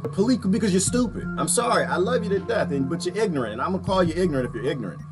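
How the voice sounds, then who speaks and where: A man's voice: high-pitched, lively intonation, rapid-fire. A man giving a fired-up, repetitive political rant while commenting on a video clip. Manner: impassioned, repetitive, preachy. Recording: music playing underneath.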